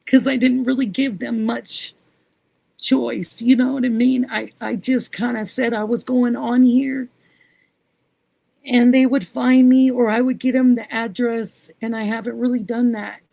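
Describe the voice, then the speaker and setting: This middle-aged livestream host reads chat comments and greets viewers by name with obvious fondness. Her fairly high voice is gravelly and mellow, moving little in pitch and running a bit slow, with no echo.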